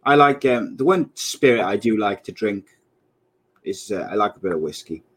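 A man's voice: on the low side, animated, normal speed, a bit bright, slightly rough. A man in his late thirties co-hosting a podcast in casual chat, joking around and laughing often. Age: 30s. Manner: laughs often, jokey banter. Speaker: podcast co-host.

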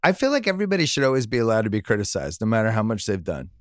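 A man's voice: fairly low pitch, wildly swooping pitch, racing, no room sound, clean studio sound. A man hosting a sports podcast, chatting casually and joking through listener emails. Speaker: podcast host.

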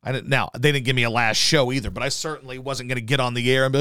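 A man's voice: mid-range voice, fairly even intonation, rapid-fire, pushed and bright, smooth. A man hosting a solo podcast, ranting in a profane, sarcastic, mocking way. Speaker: podcast host.

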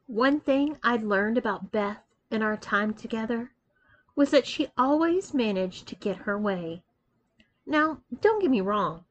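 A woman's voice: a little high, animated, measured pace, dull audio. A woman reading a first-person story aloud, moving expressively between narration and dialogue. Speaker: story reader.

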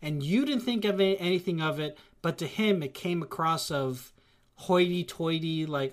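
A speaker in casual chat who rambles and talks in an animated way, often acting out what others say. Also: mid-range voice, normal speed. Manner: rambling, animated, acts out quotes.

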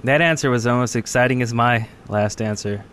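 A man co-hosting a podcast in casual chat, joking with lots of drawn-out fillers. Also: mid-range voice, fairly bright tone. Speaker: podcast co-host.

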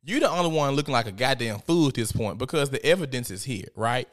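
A man's voice: medium pitch, animated, fast talker. A man giving casual, profane, gossipy commentary as host, often laughing.

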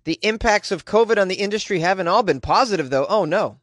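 A man with a slightly high voice reads odd news stories as a comedian host, breaking off for wry jokes of his own. The sound is close and dry, with no room around it. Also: expressive, fast talker, fairly bright tone, no echo. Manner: wry, jokey asides. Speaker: podcast host.

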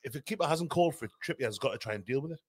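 A man's voice: medium pitch, expressive, rapid-fire, a crowd in the background. A man, a podcast panelist in casual football chat, arguing his point step by step. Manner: argumentative, talks through the logic step by step.

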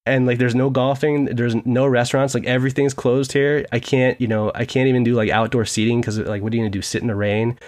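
A man's voice: medium pitch, fast, few pauses. A young man from the Seattle area, co-hosting a podcast in casual, joking, rambling chat. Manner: rambling, joking, animated storytelling. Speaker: podcast co-host.

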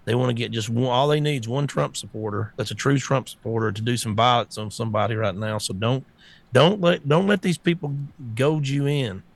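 A man co-hosting a political talk show, hoarse from being sick, ranting bluntly and cursing freely. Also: mid-range voice, a little fast. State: hoarse, recovering from illness. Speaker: co-host.

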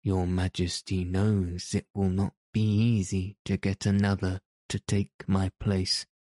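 A cool, resolute young prince, read by a man in a storybook audiobook, calm and polite. The voice is low and slow, warm and dark in tone, recorded dry and close. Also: no room sound. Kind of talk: audiobook character reading.

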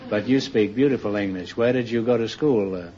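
A man hosting a quiz show, joking and teasing his contestants with quick quips. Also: on the low side. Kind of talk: wisecracking quiz show banter. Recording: dull old broadcast recording with hiss.

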